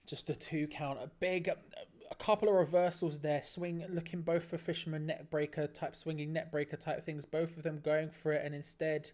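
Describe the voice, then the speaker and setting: A man hosting a live stream, giving excitable play-by-play reactions to a match, laughing often and restarting his phrases. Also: fairly high pitch, moderate pace. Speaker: watch-along stream host.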